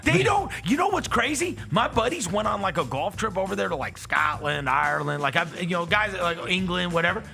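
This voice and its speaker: A man hosting a casual sports talk show, teasing his co-hosts and acting out quotes in an animated way. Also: sits high, a little fast, creaky, hardly any pauses, soft background music. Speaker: host.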